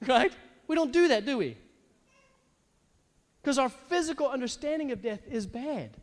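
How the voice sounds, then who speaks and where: A middle-aged man preaching a sermon as pastor, animated and breaking into big exaggerated laughs. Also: very high voice, moderate pace. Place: church hall. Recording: long church hall reverb.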